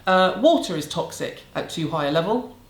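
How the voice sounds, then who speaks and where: A woman's voice: fairly low pitch, lively intonation, normal speed. A middle-aged woman with a British accent, ranting bluntly and sarcastically to camera in a casual beauty vlog. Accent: British English. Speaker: beauty vlogger. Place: home room in a city. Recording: roomy echo.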